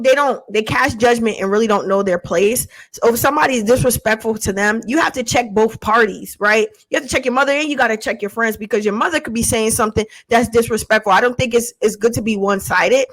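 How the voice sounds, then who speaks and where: A woman's voice: a little high, fairly bright tone, no room sound, poor audio. A woman co-hosting a podcast in casual chat, reflective and questioning. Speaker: podcast co-host.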